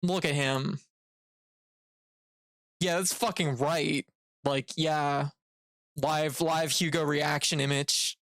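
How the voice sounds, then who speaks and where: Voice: medium pitch, steady tone, takes it slowly, pauses often, a bit bright, no echo, studio quality. A livestreamer from Canada, casually commenting on gameplay while ranting in an exasperated, profane way. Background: video game music.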